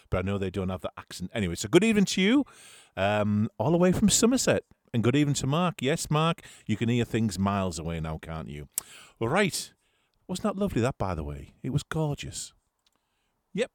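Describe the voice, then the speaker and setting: A man hosting a live radio show, chatting and teasing listeners as he reads out shout-outs. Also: fairly low pitch, no echo, clean studio sound.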